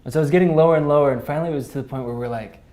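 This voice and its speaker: A man guest on a podcast, calmly telling the story of a photo shoot and often agreeing with a "yeah.". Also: a little high, very fast. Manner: relaxed storytelling, many affirmations. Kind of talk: casual interview chat.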